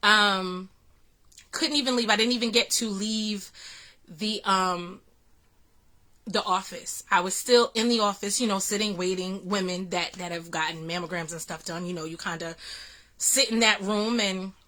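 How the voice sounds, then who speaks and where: A woman's voice: medium pitch, steady tone, normal speed, bright, forceful tone. A woman vlogger earnestly recounting a personal experience, full of restarts and fillers. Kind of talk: personal storytelling vlog.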